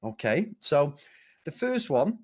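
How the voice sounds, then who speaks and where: Male podcast co-host, slightly raised pitch, chatty and rambling. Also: sing-song, slow pace. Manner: chatty, self-deprecating, rambling. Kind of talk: casual podcast chat.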